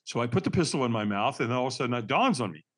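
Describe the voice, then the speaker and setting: Animated man in his sixties telling his story. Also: mid-range voice, very fast, breathy edge. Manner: animated, emphatic, laughs through hard memories. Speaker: podcast guest. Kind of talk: candid personal storytelling.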